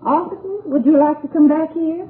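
An actress playing an older tavern owner's wife in a 1950s radio police drama, rambling and hesitant. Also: female voice, high voice, a little fast, close to an everyday voice. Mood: flustered. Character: aging woman, rattled, chatty, fretting over husband. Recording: narrow lo-fi old radio broadcast.

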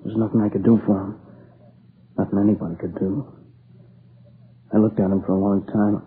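An actor playing a shaken, exhausted young man who talks in halting restarts, near tears, in a 1950s radio crime drama. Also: lowish voice, level tone, close to an everyday voice. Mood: grief-stricken. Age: young adult. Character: shaken young man, grieving survivor of a robbery. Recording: tinny lo-fi old broadcast with hiss.

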